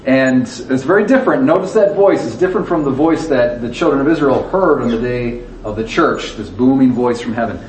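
A man's voice: medium pitch, expressive, fairly quick, hardly any pauses. A man teaching a Bible lesson to a class, talking conversationally, asking the audience questions and acting out the quotes. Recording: echoey room, distant mic, faint background noise.

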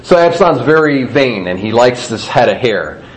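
A man's voice: mid-range voice, very animated, normal speed, rough recording. A man teaching a Bible passage in a casual, storytelling way, retelling events and reading scripture aloud.

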